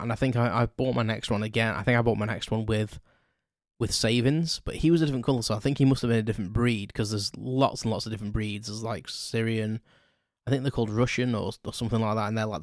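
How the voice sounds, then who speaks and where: A man speaking fast in a low, steady voice hosts a solo podcast, recounting his childhood in a rambling way with chuckles and self-corrections. The audio is clean studio sound with no echo.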